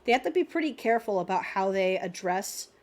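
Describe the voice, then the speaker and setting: A woman's voice: medium pitch, lively intonation, fairly quick. A young woman teaching an unscripted art lesson, critiquing student drawings in a chatty, encouraging way with many fillers and restarts, sounding slightly congested.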